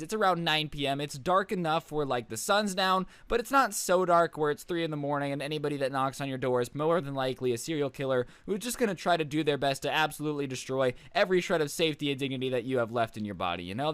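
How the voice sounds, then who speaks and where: A man's voice: a little high, fairly bright tone, clean tone, no room sound. A young man casually telling a true-crime story, rambling and jokey with wry asides. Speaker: YouTube storyteller.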